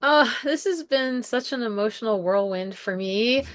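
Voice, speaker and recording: A woman's voice: fairly high pitch, lively intonation, normal speed. A woman hosting a podcast interview about food and wellness, speaking with enthusiasm and laughing easily. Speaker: podcast host, nutrition professional. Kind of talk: casual conversational interview.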